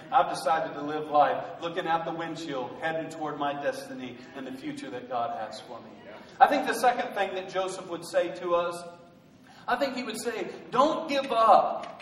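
A male pastor preaching a rousing sermon, asking the congregation rhetorical questions. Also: high-pitched. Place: large church hall. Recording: echoey hall from far off.

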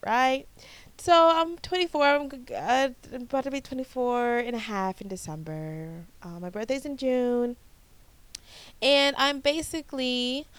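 A woman in her twenties from the United States, hosting her own podcast in a casual, animated chat with frequent restarts. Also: on the high side, clear, resonant tone, no echo. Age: 20s. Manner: chatty, animated, repeats herself and restarts often. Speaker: podcast host.

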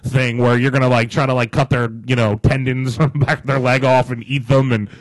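A man's voice: medium pitch, little pitch movement, brisk, dry recording, low-quality recording. A middle-aged man co-hosting a casual chat, blunt and jokey as he speaks from his own experience. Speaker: podcast co-host.

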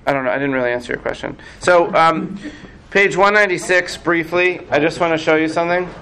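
A male rabbi teaches a class, talking through a text in a loose, animated way full of asides. His voice sits a little high for a man. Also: a little fast, low-quality recording. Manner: chatty and animated, with restarts and asides.

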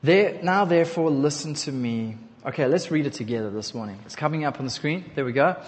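A man preaching a sermon to his congregation, leading call-and-response and building to loud exhortation. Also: fairly high pitch, lively intonation, a little fast. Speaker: pastor. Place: church hall. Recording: long hall reverb.

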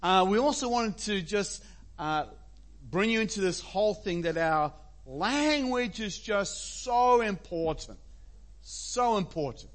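Emphatic male pastor, slightly high voice. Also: animated, slow pace. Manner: conversational, emphatic. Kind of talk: sermon.

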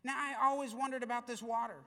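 Male pastor, sermon, lively storyteller, bright tense tone, reverberant hall. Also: extremely high pitch, quick pace. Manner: lively storytelling preacher with playful asides.

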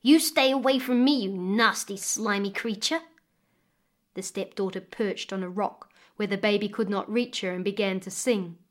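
A woman storyteller reading a folk tale aloud in a measured, expressive way. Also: medium pitch. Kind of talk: storytelling narration.

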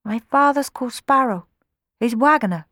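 A woman's voice: a little high, normal speed, fairly bright tone, no echo, clean studio sound, voice pushed up, lightly acted. A woman voicing a poor, timid little boy chimney sweep who speaks in a small, plaintive way.

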